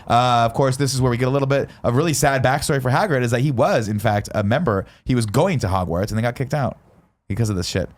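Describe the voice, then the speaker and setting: Fast-talking man recapping a movie. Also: medium pitch. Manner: recaps the plot quickly, acting out characters in jokey voices. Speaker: podcast co-host. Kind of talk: casual movie review chat.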